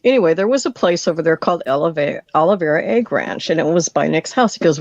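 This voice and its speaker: A caller tells a long story over the phone, lively and animated, putting on the voices of the people in it. The voice sits at a mid pitch. The sound is dull and dry, like a phone line. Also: fast talker, no echo. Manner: lively storyteller acting out quoted lines. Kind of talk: telling a story on a call-in show. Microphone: phone call.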